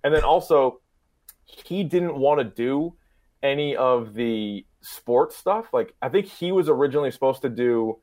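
A young man, a podcast host, chatting casually and excitedly retelling comedy movie scenes, acting out lines and laughing often. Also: mid-range voice, unhurried. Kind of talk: casual chat.

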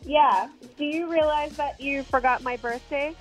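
Brief: young woman, teasing, unhurried delivery. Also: high voice, faint music behind, low-quality recording. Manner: teasing, playful. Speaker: prank call participant.

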